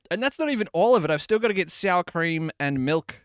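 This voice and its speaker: Male streamer in his 20s, upbeat casual chatter with a lively, slightly high voice, cursing freely, dry close recording. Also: no room sound. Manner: animated, chatty, swears casually. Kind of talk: casual live-stream chat with viewers. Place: at home at his desk.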